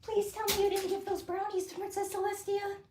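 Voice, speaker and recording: A streamer voicing an earnest young female cartoon pony, high and fretful, in a roomy echo. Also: flat delivery, brisk, far from the mic, noisy background. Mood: worried. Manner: squeaky, fretful, high-pitched.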